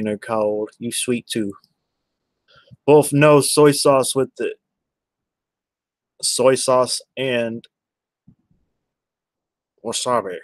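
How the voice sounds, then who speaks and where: A man's voice: fairly low pitch, no room sound. A man, chatting casually on a livestream and answering viewers by name in a rambling way. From Texas.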